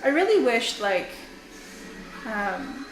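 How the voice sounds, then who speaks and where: Giggly, high-voiced young Canadian woman. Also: big pitch swings, slow pace. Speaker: co-host. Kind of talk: casual gaming chat. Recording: echoey room. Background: game music.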